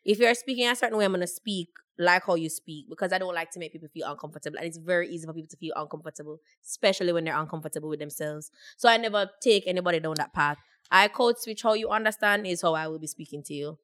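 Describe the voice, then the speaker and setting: A woman's voice: on the low side, racing, a bit bright, no echo, studio quality. A young woman co-hosting a podcast, explaining her views at length in a reflective, casual way. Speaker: podcast co-host. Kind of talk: casual chat.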